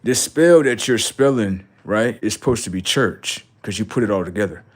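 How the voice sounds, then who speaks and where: Man, livestream host, brash profane rant, lower voice, keeps saying right. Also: normal speed. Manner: brash, confrontational, repetitive "right?"; lectures viewers and reacts to chat.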